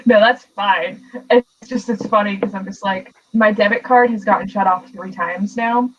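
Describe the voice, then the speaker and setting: A woman's voice: medium pitch, fairly even intonation, normal speed, recorded from a distance, lo-fi sound, noisy background. A woman chatting casually with friends on a video call, wry and self-mocking. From Boston area, United States. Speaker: co-host. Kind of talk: casual group chat over video call.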